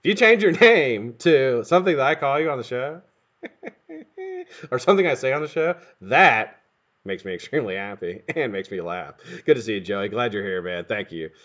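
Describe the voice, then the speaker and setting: On a live stream, a middle-aged man chats in a bright, forceful, sing-song voice whose pitch swings widely, speaking at a normal speed. He rambles, jokes, and swears in between greeting his viewers. The audio sounds dull and lo-fi.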